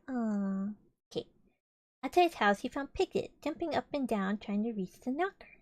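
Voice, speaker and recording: High-voiced woman streamer reading aloud. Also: animated, moderate pace, darkish tone, dry recording. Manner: chatty, playful asides. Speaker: vtuber streamer. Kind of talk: reading a children's book aloud with chat commentary.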